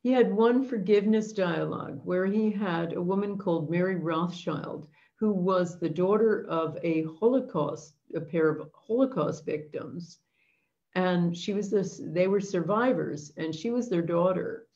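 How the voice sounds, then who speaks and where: Slow, earnest woman with a mellow voice. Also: on the low side, lo-fi sound. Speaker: host leading an intention webinar. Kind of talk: reflective storytelling talk.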